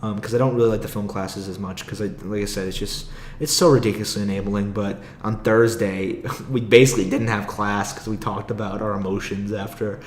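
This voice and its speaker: A man's voice: lowish voice, fairly even intonation, a little fast, hardly any pauses, roomy sound, slight background noise. A young man hosting a casual solo podcast, rambling, swearing freely and laughing often. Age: young adult. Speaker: podcast host. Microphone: own podcast mic.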